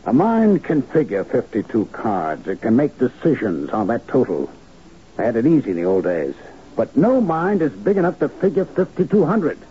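A man's voice: medium pitch, huge pitch swings, normal speed, slight background noise. An actor playing an urgent, worried male manager explaining a secret in a vintage radio drama. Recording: dull lo-fi old radio recording.

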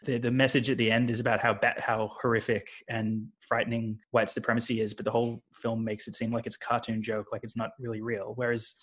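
A man's voice: medium pitch, flat delivery, fairly quick, hardly any pauses, a bit bright, breathy edge. A man discussing a film in casual conversation, thoughtful and hesitant, building his points with restarts. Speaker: film podcast panelist.

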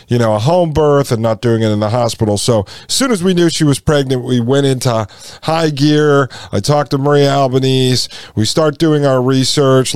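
A podcast host in his forties rambles through a personal story and talks to his listeners as folks. His voice is smooth and clear at a middle pitch. The recording is dry, with no room echo. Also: darkish tone. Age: 40s. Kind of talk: casual storytelling monologue.

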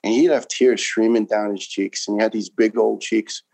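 A man's voice: fairly low pitch, steady tone, moderate pace, gravelly, darkish tone, low-quality recording. A man in his fifties from New York, a retired firefighter telling his story in an interview with passion, emphasis and frequent restarts.

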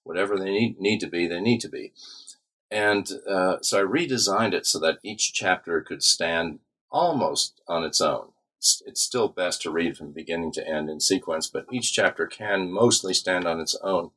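A man with a very low, husky voice answers questions about his book in an academic interview. He speaks haltingly, with frequent fillers and self-corrections. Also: fairly bright tone. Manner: hesitant, many uh fillers and restarts. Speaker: author being interviewed.

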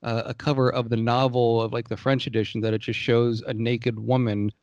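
A man's voice: medium pitch, little pitch movement, fairly quick, a little mellow, dry recording, highs cut off. A man chatting casually about an old film at home, digressive with frequent fillers. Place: home room.

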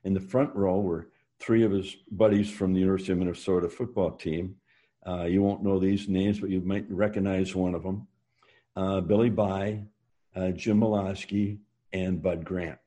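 A man with a low, deep voice and a mellow, dark tone tells long family stories in a relaxed interview. He rambles, stops to restart his sentences, and fills the gaps with "uh" and "you know.". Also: normal speed. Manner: rambling anecdotes with frequent fillers and restarts. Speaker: interview guest. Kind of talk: storytelling in a casual interview.

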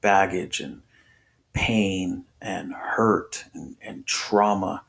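Guy with a low gravelly voice telling his conversion story, lots of restarts and acting out what people said. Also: steady tone, drawn-out words, a bit bright. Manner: earnest storytelling with many restarts and quoted voices. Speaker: podcast guest. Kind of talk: personal testimony in casual conversation.

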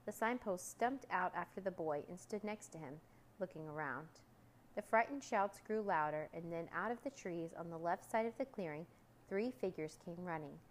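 A woman reading a children's storybook aloud in a calm, steady way. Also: on the low side, moderate pace, slight background noise.

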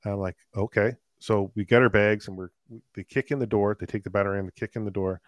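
A man, a paramedic, telling a long call story in a casual, animated way, with many fillers. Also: fairly low pitch, fast talker, no echo, highs cut off. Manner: animated, laughing anecdotes with filler words. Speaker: paramedic guest.

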